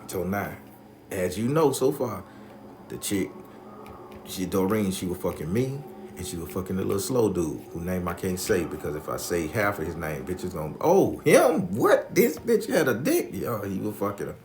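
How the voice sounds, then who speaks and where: Low-voiced male storyteller, profane and animated, with a lively pitch. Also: normal speed, slight background noise. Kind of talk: crude casual storytelling.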